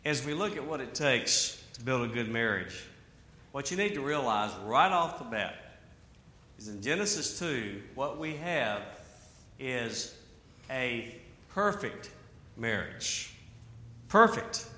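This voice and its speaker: A man preaching a sermon in an animated way, with humor and asides. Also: mid-range voice, slow pace, pauses often. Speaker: pastor. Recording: echoey hall.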